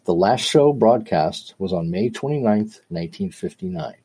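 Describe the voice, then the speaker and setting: A man hosting a podcast, reading a scripted introduction in a steady, informative way. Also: fairly low pitch, normal speed, husky. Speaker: podcast host.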